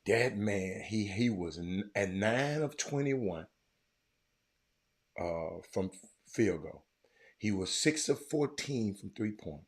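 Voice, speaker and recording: Excitable sports show host. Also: male voice, lowish voice, slow, pauses often. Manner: loud, excitable, rambling, swears. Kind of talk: casual sports commentary.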